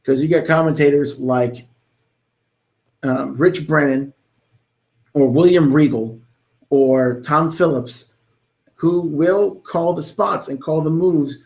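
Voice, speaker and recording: Slow and given to long pauses, a young man with a slightly high, mellow voice co-hosts a podcast. He chats casually about wrestling commentary in a rambling, excited way, restarting a lot.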